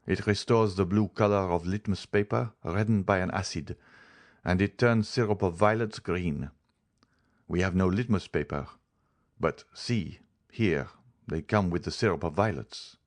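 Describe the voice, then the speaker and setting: In an audiobook, a male narrator voices a grave male doctor who lays out his case with measured insistence, in a low, steady tone. The character's voice stays close to the reader's own: deep and unhurried, grave and insistent in mood.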